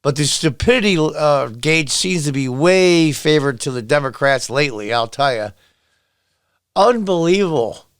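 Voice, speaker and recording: A man's voice: mid-range voice, normal speed, few pauses, fairly bright tone, smooth, no room sound, clean studio sound. A middle-aged man reading a news article aloud and breaking off into angry, sarcastic rants at the people in it. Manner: angry, sarcastic, talks back at the article he reads. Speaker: political commentary vlogger. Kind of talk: ranting commentary while reading a news article.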